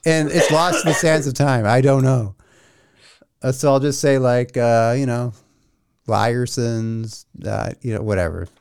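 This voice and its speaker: A man's voice: medium pitch, measured pace, creaky, a little mellow, smooth. A young man hosting a podcast in casual chat, rambling, swearing casually and laughing at himself. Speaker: podcast host.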